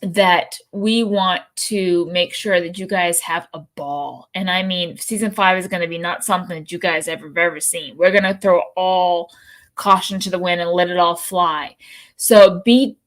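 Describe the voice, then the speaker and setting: Animated, profane woman co-host. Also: lowish voice, moderate pace. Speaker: podcast co-host. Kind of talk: casual live-show chat.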